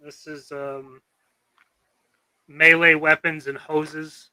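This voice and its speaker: A young man hosting a live stream about customizing toys, chatting casually and easygoing, halting now and then with fillers. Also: fairly high pitch, level tone, sharp tone, slight background noise. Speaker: host and toy customizer.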